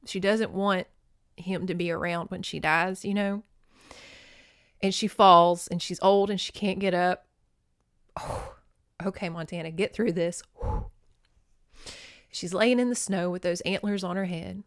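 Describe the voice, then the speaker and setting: A woman's voice: on the low side, steady tone, normal speed, clean tone, no echo, clean studio sound. A woman hosting a podcast, giving a folksy, sentimental recap of a movie and laughing often. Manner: fond and sentimental storytelling. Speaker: podcast host.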